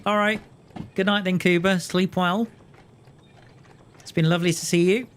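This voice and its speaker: A man's voice: sits high, fairly even intonation, normal speed. A man chatting casually while live-streaming a train simulator game, rambling, telling jokes and talking to his viewers. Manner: rambling, joking, talks to chat and himself.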